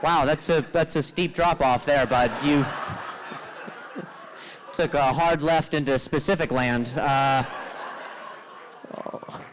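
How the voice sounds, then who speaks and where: A man doing stand-up crowd work on a club stage into a handheld mic, with a stutter, quick self-deprecating quips and low muttered asides. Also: noisy background. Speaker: stand-up comedian.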